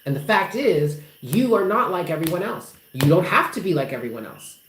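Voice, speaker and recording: A woman with a low voice gives live tarot readings, warm toward her viewers and not shy about swearing. She sounds like she's in a roomy space with a faint hiss of noise underneath. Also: very animated, fairly quick. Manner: affectionate, emphatic, swears casually. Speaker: tarot reader.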